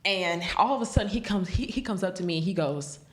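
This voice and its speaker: A young woman hosting a podcast, telling stories in casual, animated chat, swearing and laughing as she goes. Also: on the low side, fast, echoey room. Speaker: podcast host.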